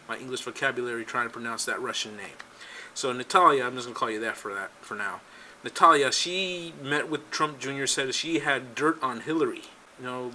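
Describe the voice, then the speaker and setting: A man's voice: medium pitch, pushed and bright, slight background noise. A man hosting his own political show, talking casually and sarcastically, often repeating himself as he goes. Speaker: political talk show host. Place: home studio in California.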